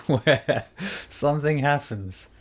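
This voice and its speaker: On a studio microphone, a British man co-hosting a podcast chats casually in a medium-pitched voice, speaking very slowly. As he tells a story, he acts out the voices of the people he quotes.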